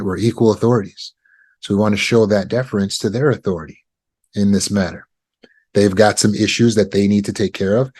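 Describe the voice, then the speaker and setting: Calm, low-voiced man teaching. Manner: calm, measured, deliberate pauses. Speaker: trauma recovery coach. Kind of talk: teaching talk on negotiation.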